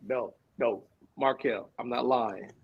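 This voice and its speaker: A man co-hosting a casual podcast chat, telling animated stories, repeating himself and laughing often. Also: mid-range voice, slow, breathy edge, muffled recording. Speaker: podcast co-host.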